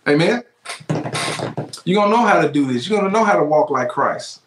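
A man preaches with fervor, and his fairly high voice rings through an echoey room. He exclaims and repeats key phrases to drive each point home. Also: brisk, slight background noise. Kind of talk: sermon.

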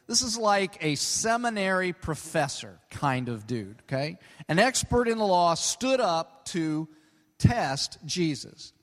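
Animated preacher with a lively high voice. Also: male voice, slow. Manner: conversational, peppered with 'okay?'; animated, stretches key words for emphasis. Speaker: pastor. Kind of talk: sermon. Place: large church hall. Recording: long hall reverb.

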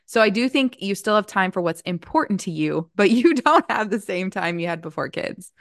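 A woman's voice: medium pitch, animated, moderate pace, fairly bright tone, no room sound, clean studio sound. A woman in her thirties hosting a podcast, chatting earnestly and laughing often. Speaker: podcast host, coach. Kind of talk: casual conversational chat.

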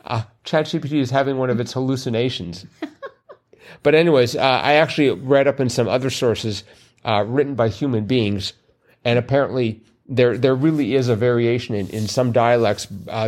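A man co-hosting a podcast in casual chat, relaxed and wordy, with fillers and dry wordplay jokes. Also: medium pitch, a little fast. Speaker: podcast co-host. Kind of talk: casual chat about crosswords.

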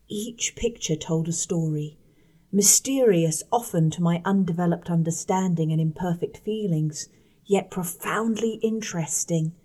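A woman narrating a first-person story in a measured audiobook reading, letting her voice drop soft on the quiet passages. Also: on the low side.

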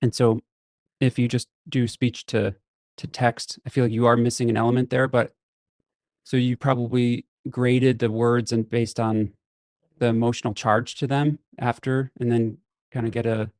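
A man's voice: medium pitch, level tone, normal speed, a little mellow, no echo, studio quality. A man hosting an interview, asking thoughtful, probing questions. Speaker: interview host.

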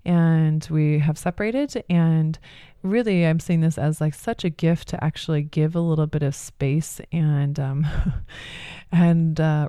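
A woman's voice: low voice, warm tone, clear, resonant tone, no room sound, studio quality. A middle-aged woman, a mother, talking in a candid, rambling personal monologue full of fillers and restarts.

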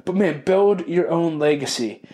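A man's voice: on the high side, measured pace, dark tone. A man hosting a podcast, speaking earnestly and reflectively in a monologue about lessons he learned, often restarting and repeating key phrases. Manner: openly emotional, calls himself sensitive. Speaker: podcast host.

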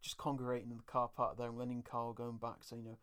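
A man hosts a relaxed podcast chat. He recaps scenes in a loose, chatty way and laughs often. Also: mid-range voice, fast. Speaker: podcast co-host.

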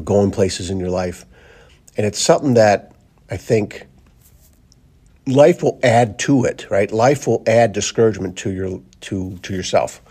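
Driving to work, a coach records his daily motivational podcast, rambling earnestly and casually with lots of fillers and repeated phrases, and briefly gets choked up. His voice sits low, creaky and warm, with a breathy edge.

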